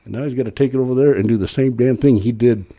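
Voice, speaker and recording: Man with a dark mellow voice talking quick, just rambling through a story. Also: medium pitch. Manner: rambling, plain-spoken, acts out his own quotes. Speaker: podcast guest telling a story; cemetery worker. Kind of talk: casual storytelling.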